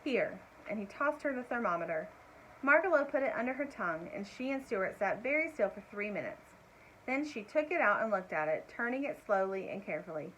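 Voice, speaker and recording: A woman reading a children's chapter book aloud in a gentle, expressive way, adding little asides for young listeners. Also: medium pitch, a little fast, slight background noise, low-quality recording. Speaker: storyteller.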